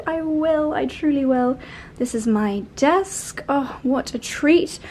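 A fashion and lifestyle vlogger films a tour of a luxury hotel room, gushing and breathless with delight and repeating her exclamations. Her voice sits high, with a slow pace and darkish tone. Music plays under her voice, with slight background noise.

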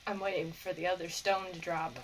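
A woman's voice: on the low side, fairly even intonation, fairly quick, low-quality recording. A woman doing anime reaction commentary as a YouTuber, talking back to the screen, swearing and pleading with the characters.

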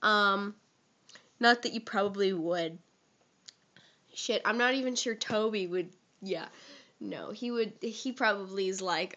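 A teenage girl who is sick and sounds rough, gushing and giggling in a rambling fan vlog recorded on her phone while sitting on a couch at home. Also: medium pitch, measured pace, long pauses, sharp tone. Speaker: vlogger. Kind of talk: casual fan vlog to camera. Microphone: phone held close.

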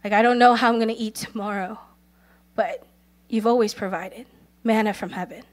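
A woman preaching a sermon, telling stories earnestly, calling for amens, and speaking quoted prayers softly. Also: fairly high pitch, steady tone, normal speed. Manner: earnest storytelling, calls for amens; acts out quoted prayers softly, at times in a whisper.

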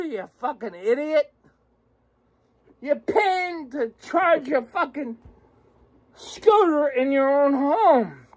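A woman's voice: sits high, expressive, slow, pauses often. A woman delivering a profane political rant as a vlogger, cursing, mocking and cackling.

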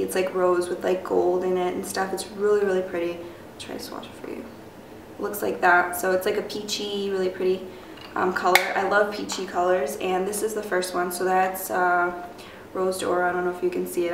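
A young woman chatting loosely through a beauty product review, her voice raspy because she has just woken up, full of fillers and rambling asides. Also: mid-range voice. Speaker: beauty vlogger. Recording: echoey room, mic at a distance, faint noise.

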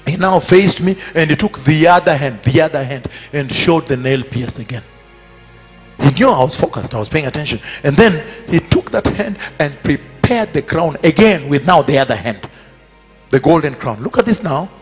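A man preaching a sermon at a conference, repeating his phrases emphatically and building to shouted peaks. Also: on the high side, expressive, moderate pace, slightly rough. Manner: emphatic and repetitive, rising to shouted climaxes. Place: large conference hall. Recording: reverberant hall with faint music.

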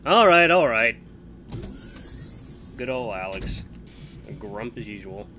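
A man voicing a friendly, straightforward young guard who talks loud and hearty. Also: lowish voice, very animated, slow pace, background noise. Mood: cheerful.

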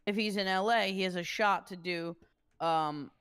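A man's voice: sits high, normal speed, a bit bright, clear, resonant tone. A man in casual chat, pushing his point insistently with many fillers like "you know" and "like". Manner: persuasive, insistent, filler-heavy.

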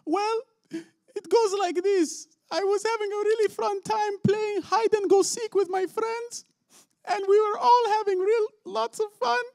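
A man voicing a tearful little boy, with a high wailing, sobbing voice. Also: fairly even intonation, unhurried, gravelly, a little mellow, dry recording, exaggerated voice.

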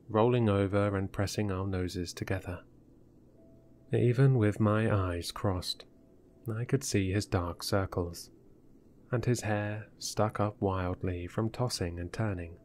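A man narrating a horror story in a measured, deliberate way. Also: lowish voice, darkish tone, slight background noise.

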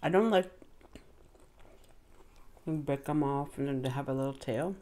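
A middle-aged mukbang vlogger with a very deep, dark-toned voice chats casually to the camera at a measured pace while she eats. She hums between bites, eats between words, and says mm-hmm often.

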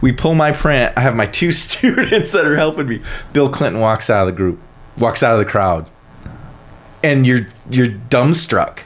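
A man who is an art professor, telling stories in a casual podcast interview with lively, animated delivery. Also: medium pitch, normal speed. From northern United States. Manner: animated, lively storyteller who acts out quotes. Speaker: guest, art professor and printmaker.

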